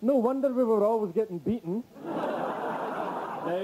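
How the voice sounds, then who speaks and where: A man's voice: sits high, a little slow. A Scottish man doing stand-up in a comedy club, mock-indignant and bantering with the audience. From Scotland. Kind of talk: stand-up routine. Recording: noisy old VHS tape transfer.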